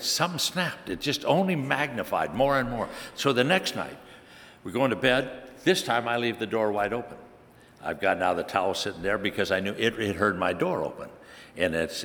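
A man's voice: lowish voice, a bit bright, long reverb tail. A man preaching a sermon, telling a personal story with animation and building to emphatic preaching. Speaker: pastor.

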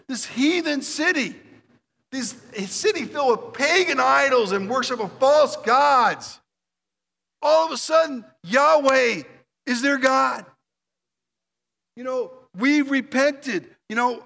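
A male pastor gives a sermon in a loose, chatty way. His voice sits a bit higher than most men's, and he acts out little voices while preaching. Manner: conversational, animated preaching with acted-out voices.

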